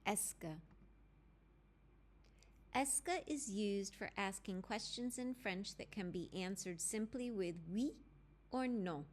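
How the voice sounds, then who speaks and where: A woman teacher narrating a language lesson, clear and deliberate, spelling out grammar formulas step by step. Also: mid-range voice. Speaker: French teacher. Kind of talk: slow instructional lesson narration.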